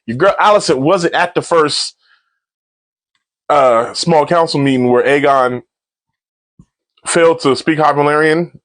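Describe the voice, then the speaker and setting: A man's voice: a little high, no echo. Slangy man recapping an episode. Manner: slangy, animated, laughs often. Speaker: TV episode reviewer. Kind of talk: casual spoiler recap.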